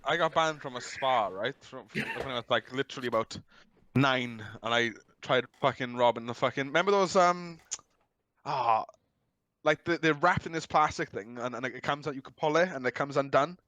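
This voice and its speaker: A man's voice: mid-range voice, moderate pace, bright, forceful tone. A man telling crude stories on a podcast in casual chat, rambling and swearing.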